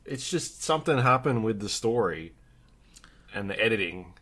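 A fairly low-voiced man co-hosting a podcast. He tells stories in a relaxed, casual way and swears freely. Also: moderate pace, slightly rough. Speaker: podcast co-host. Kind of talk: casual chat.

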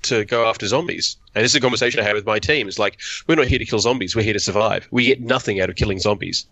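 A man joining a gaming podcast as a guest, making brief, quick interjections in a casual chat. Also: fairly low pitch, gravelly, a bit bright, no room sound, rough recording.

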